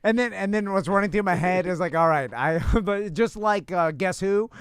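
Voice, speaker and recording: A man's voice: high-pitched, normal speed, smooth, dry recording, studio quality. A man co-hosting a podcast in casual chat, laughing often and rambling with lots of "yeah, yeah". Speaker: podcast co-host.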